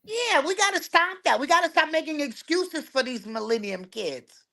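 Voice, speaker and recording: Lively, emphatic woman. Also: sits high, normal speed, gravelly, a crowd in the background. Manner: emphatic, preachy, animated. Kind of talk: casual chat.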